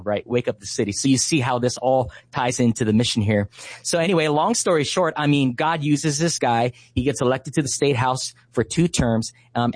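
A ministry leader in his thirties shares a heartfelt story in conversation, frequently pausing with "uh" and "you know." His voice is medium-pitched and darkish, recorded dry.

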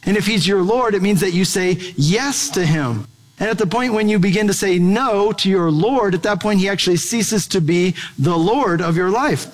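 A man's voice: high-pitched, moderate pace. A man preaching a sermon in a conversational, playful way. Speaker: pastor. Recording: long hall reverb.

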